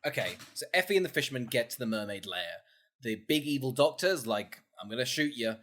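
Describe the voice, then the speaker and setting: A British man co-hosting a podcast, retelling a film's plot in casual chat, laughing often and dropping in quick mock quotes. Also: mid-range voice, animated, fairly bright tone. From Britain. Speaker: podcast co-host.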